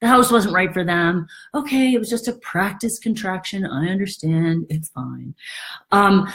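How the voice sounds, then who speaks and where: A woman realtor talking casually to camera, acting out quoted worries in a higher voice. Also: unhurried. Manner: animated, acts out quoted thoughts in a high voice. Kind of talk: casual explainer monologue.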